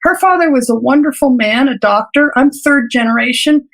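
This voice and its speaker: Woman doctor, interview guest, high voice, reflective storyteller, light laughs, halting repeats. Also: a bit bright. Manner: earnest, reflective, laughs lightly between thoughts; halting restarts and repeated words. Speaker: physician guest.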